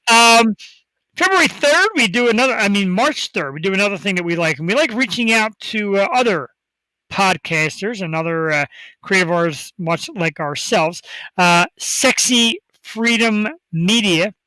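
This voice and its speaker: A male talk show host hyping up upcoming guests in a rambling, excitable way. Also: high voice, moderate pace, dry recording, low-quality recording. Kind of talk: casual talk show chat.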